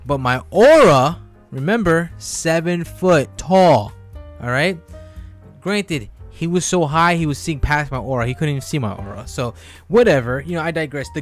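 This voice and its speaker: Animated, profane young man telling stories. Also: fairly high pitch, normal speed, soft background music. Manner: profane, animated storytelling with many fillers. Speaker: podcast co-host. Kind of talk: casual chat, storytelling.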